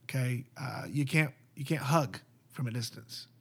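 A man's voice: medium pitch, moderate pace, breathy edge. A man, a pastor, talking earnestly and conversationally about church community. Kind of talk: casual podcast talk.

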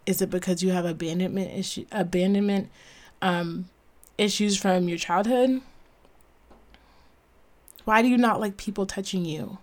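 A woman's voice: mid-range voice, steady tone, normal speed, pauses often, darkish tone. Earnest woman hosting a solo talk. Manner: earnest, emphatic, laughs at herself. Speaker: podcast host.

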